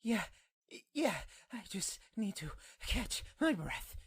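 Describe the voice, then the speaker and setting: A woman voicing a gentle, sweet young male classmate from a dating game, speaking softly and kindly. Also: fairly high pitch, very animated, slow pace, husky, heavily acted. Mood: breathless. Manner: soft and kindly. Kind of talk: reading an otome game aloud.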